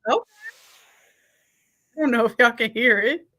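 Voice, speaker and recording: A middle-aged woman teaching a design class on a live stream, reading out the chat and warmly thanking people by name. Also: fairly high pitch, measured pace. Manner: warm, effusive thanks and shout-outs.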